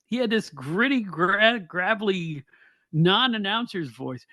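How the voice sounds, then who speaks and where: A man's voice: sits high, animated, unhurried, bright, forceful tone, dry recording, clean studio sound. A man from upstate New York hosting a podcast, chatting nostalgically with frequent laughs. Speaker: podcast host. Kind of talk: casual podcast chat.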